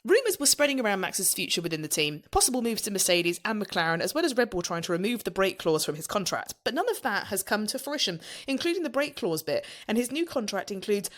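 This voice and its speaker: A woman's voice: mid-range voice, sing-song, fast, hardly any pauses. A woman hosting a podcast, reading a scripted news recap with giggly, sarcastic asides.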